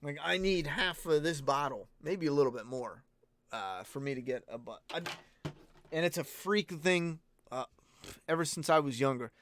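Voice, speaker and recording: A man's voice: on the high side, expressive, normal speed, a bit bright. A man hosting a casual live-stream Q&A, talking bluntly and rambling, with plenty of swearing. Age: adult parent. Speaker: host answering viewer questions.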